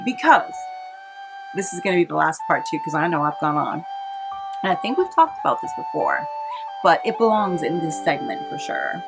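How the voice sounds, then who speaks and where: A woman's voice: on the low side, expressive, moderate pace. A woman from California, a vlogger telling a personal story in a chatty way and laughing often. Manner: chatty, warm-hearted, laughs often, dramatizes quotes. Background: soft instrumental music.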